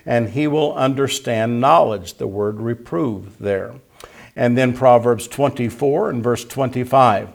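A pastor preaching an evening sermon to his church, teaching slowly and repeating key points as he reads scripture aloud. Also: medium pitch, gravelly.

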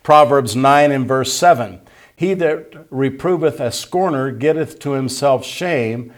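A pastor with a medium-pitched voice preaches an evening sermon to his church. He teaches slowly, reading scripture aloud and repeating the key points.

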